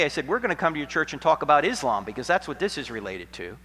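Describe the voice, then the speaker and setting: A middle-aged American man giving an apologetics lecture to college students, telling stories dramatically, sometimes hushed and sometimes nearly shouting, with a sarcastic edge. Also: fairly high pitch, sing-song, fast talker, few pauses. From United States. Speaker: Christian apologetics speaker. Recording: long hall reverb.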